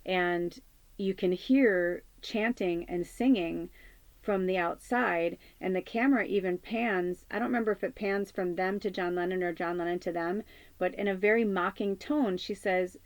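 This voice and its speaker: A woman's voice: on the low side, normal speed, no room sound. Earnest rambling woman in her forties. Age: 40s. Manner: rambling, earnest, many fillers and restarts. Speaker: spiritual medium hosting a channel. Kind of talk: casual spiritual chat.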